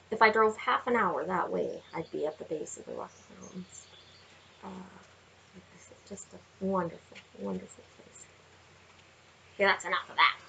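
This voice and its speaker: A woman giving a chatty tarot card reading, laughing often and talking to viewers in animated asides. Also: fairly low pitch, creaky, a little hiss or hum, poor audio. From Canada. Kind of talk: casual tarot reading vlog. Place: home with window view.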